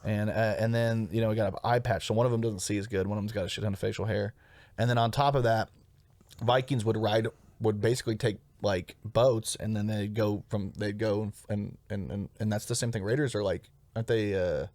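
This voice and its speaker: A man's voice: on the low side, fairly even intonation, brisk, a little mellow, no room sound. A man co-hosting a comedy podcast in casual, rambling chat, swearing freely and laughing often. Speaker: podcast co-host.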